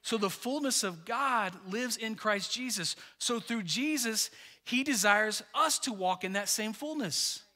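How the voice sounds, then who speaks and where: A high-pitched, bright-voiced man gives a sermon from the pulpit in a lively, chatty way, stumbling and restarting as he goes. His voice rings out with a long reverb, as in a church sanctuary. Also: measured pace. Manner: animated, conversational preaching with many fillers and restarts. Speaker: pastor.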